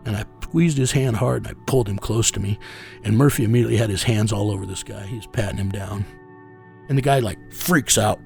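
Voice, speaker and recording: A man's voice: on the low side, brisk, creaky, a little mellow, soft background music. A man telling a story in an interview, bluntly and with a lot of swearing, often quoting what he said. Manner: blunt, profane, quotes himself often. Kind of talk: casual storytelling.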